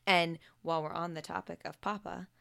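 A woman's voice: on the low side, steady tone, brisk, gravelly, pushed and bright, dry recording. A young adult woman hosting a podcast, chatting and laughing easily with her grandmother in a home basement. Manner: friendly, chatty, laughs often. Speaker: podcast host. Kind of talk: casual podcast interview.

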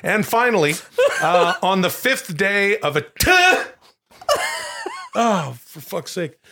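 A man's voice: high-pitched, expressive, slow, gravelly, bright, forceful tone. Man reading comedy prompts, laughing. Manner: reads prompts aloud amid bursts of laughter. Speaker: comedy podcast host. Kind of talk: comedic podcast chat.

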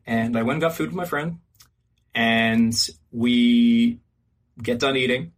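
A man's voice: mid-range voice, slow pace. A man on a podcast telling a long funny story in casual chat, acting out the other people's lines and swearing freely. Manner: animated, acts out quoted voices, swears freely. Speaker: podcast guest.

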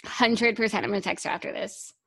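A woman's voice: medium pitch, fairly even intonation, a little fast, vocal fry, pushed and bright, husky. A woman co-hosting a podcast in casual, upbeat chat, often saying "like". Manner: chatty and upbeat, uses "like" often. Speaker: podcast co-host.

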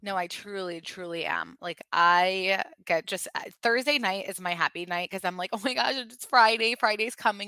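A woman in her thirties hosting a podcast, chatty and excitable, laughing often. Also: fairly low pitch, gravelly, clean tone, dry recording. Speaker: podcast host. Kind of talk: casual chat.

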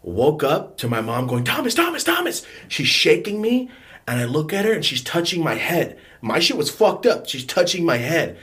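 A young man from California telling a casual, profane storytime, animated and acting out voices. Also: on the high side, moderate pace, hardly any pauses. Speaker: vlogger.

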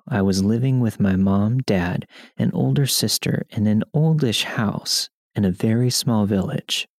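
Guy with a lowish voice reading a story out, steady and matter-of-fact, dry close mic. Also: gravelly, no echo. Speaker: story narrator. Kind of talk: scripted narration of first-person stories.

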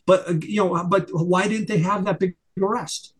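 A middle-aged man, a retired investigator and attorney, is a guest in a conversational interview. His voice is high-pitched and steady, at a moderate pace, and he speaks emphatically with many stumbling restarts.

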